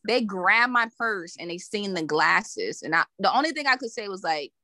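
A woman spins a story in loose podcast banter, her tone bright and a little sharp. She laughs often and slips into the voices of the people she quotes. The sound is close and dry. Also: medium pitch, lively intonation, normal speed, dry recording. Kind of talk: casual storytelling.

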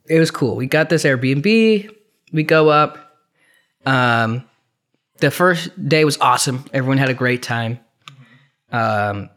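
A man's voice: mid-range voice, fairly bright tone. A young man co-hosting a podcast, telling a long story in casual chat, rambling with restarts and swearing freely. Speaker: podcast co-host.

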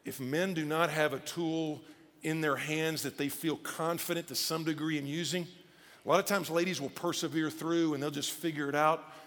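A male pastor preaching a sermon in a conversational, animated way with casual asides, speaking. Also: on the high side, normal speed. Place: church auditorium. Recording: long church hall reverb with faint music.

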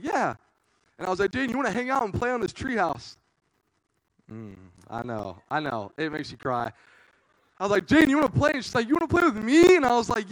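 A young man giving a casual youth sermon in church, telling a story with slang and loudly acting out what people said. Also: medium pitch, no echo, low-quality recording. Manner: animated, slangy storyteller, acts out quotes loudly. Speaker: youth pastor.

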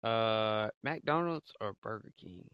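A man's voice: lowish voice, expressive, measured pace, smooth, no room sound. A man co-hosting a casual podcast, talking in a laid-back, slangy way and asking the questions. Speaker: podcast co-host. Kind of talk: casual chat. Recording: slightly muffled lo-fi mic, dry.

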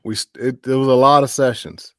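A man's voice: medium pitch, brisk, dry recording, clean studio sound. A middle-aged man, a voice actor, telling stories in a casual interview and acting out the voices of the people he quotes. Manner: animated storyteller, acts out quoted voices. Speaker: voice actor guest.

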